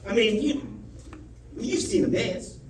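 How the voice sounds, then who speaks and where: High-voiced comedian telling a profane story. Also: male voice, expressive, slow pace, heavy background noise. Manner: loose, profane, conversational storytelling with asides. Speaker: stand-up comedian. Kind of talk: stand-up storytelling. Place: comedy club stage with a laughing audience. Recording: echoey club recording from a distance, crowd laughter.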